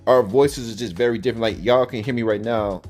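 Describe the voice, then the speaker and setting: Man, commentary host, blunt and slangy, drawn-out emphasis, mid pitch, faint music behind. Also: a little mellow. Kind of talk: reaction commentary. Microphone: audio only, no camera.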